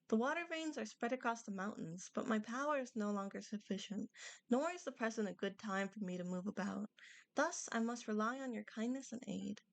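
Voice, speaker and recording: A woman's voice: medium pitch, vocal fry, dry recording, close to an everyday voice. A woman reading aloud the lines of a serene, formal female spirit of the vale in a game, in a courteous, old-fashioned manner. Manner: stately, courteous, slightly archaic phrasing read aloud. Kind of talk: reading game dialogue aloud while playing.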